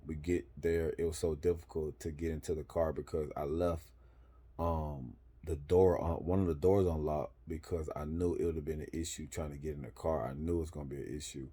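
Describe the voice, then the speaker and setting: A man from Florida telling a personal story in casual, slangy, profane talk, often marking each step with "boom.". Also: fairly even intonation, fairly quick, warm tone, husky.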